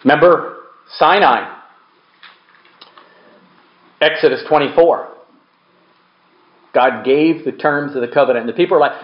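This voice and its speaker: A man's voice: mid-range voice, normal speed, long pauses, roomy sound, highs cut off. A man preaching a sermon in a conversational way, asking the congregation questions and acting out quotes. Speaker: pastor.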